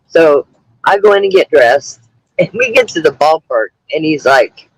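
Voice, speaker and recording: A woman calls in from her car over her phone, telling crude, blunt stories in easy casual chat. Her voice is husky and rough-edged. Her pitch swings all over as she talks. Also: animated, normal speed, no echo, low-quality recording. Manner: blunt, crude, joking storyteller. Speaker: guest caller on a livestream. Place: in a car, driving around.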